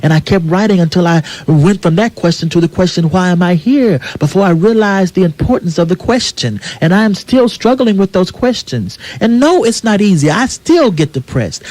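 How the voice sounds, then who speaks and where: A young American man talks with the rolling, repetitive cadence of a preacher. His voice sits fairly high for a man, and he builds his points through steady repetition on a radio talk show. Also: moderate pace, no echo. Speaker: guest playwright. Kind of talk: impassioned radio interview.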